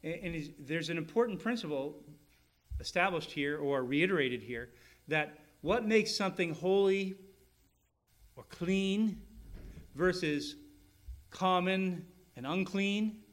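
Here the pastor's voice sits high and sounds animated, but he moves slowly and pauses often. His sermon unfolds step by step, with frequent restarts and repeated "right?" checks aimed at the congregation.

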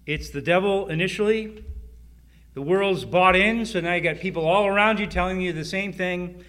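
A middle-aged man preaching a sermon, with emphatic repeats and sudden drops to a hushed voice. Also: sits high, moderate pace. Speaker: pastor.

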